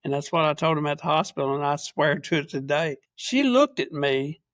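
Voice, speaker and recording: A man's voice: a little high, lively intonation, brisk, a bit bright, no room sound. A man, a paramedic guest on a podcast, telling stories earnestly with many restarts. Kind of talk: casual interview chat.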